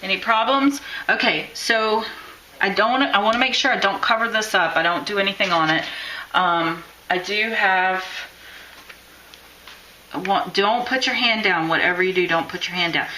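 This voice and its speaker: On a live stream, a woman teaches chalk lettering, chatting and encouraging viewers as she works. Her voice is mid-range with a moderate pace and a sharp tone. The recording is rough, with slight background noise.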